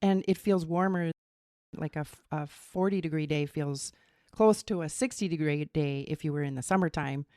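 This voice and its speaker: Woman, somewhat low pitch, animated casual chat, dry close recording. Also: normal speed, dry recording. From Minnesota. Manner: animated, explains theories, laughs. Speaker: podcast co-host.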